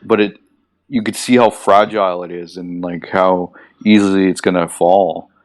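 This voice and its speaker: A man with a low voice co-hosts a casual podcast about books. He rambles through plot points and acts out what characters say. The recording is close and dry. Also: steady tone, moderate pace, no echo. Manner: rambling, lists things, acts out quotes. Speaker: podcast co-host. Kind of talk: casual book discussion.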